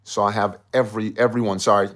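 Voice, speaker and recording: A man's voice: fairly low pitch, flat delivery, quick pace, fairly bright tone. A man hosting a casual livestream, rambling and chatty as he reads out viewer comments. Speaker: livestream host.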